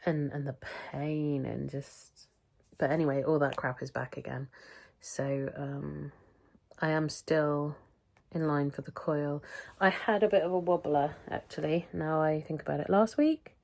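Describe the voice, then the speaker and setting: A woman's voice: low-pitched, fairly even intonation, unhurried, creaky, a little mellow. A middle-aged British woman talking through a casual weekly health update vlog, rambling and chatty, often interrupting herself. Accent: British English. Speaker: vlogger.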